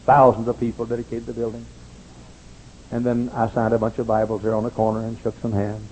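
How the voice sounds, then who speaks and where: An older male pastor tells stories animatedly in a sermon, acting out quoted voices in a high register. He talks briskly with a breathy edge, and the recording is rough.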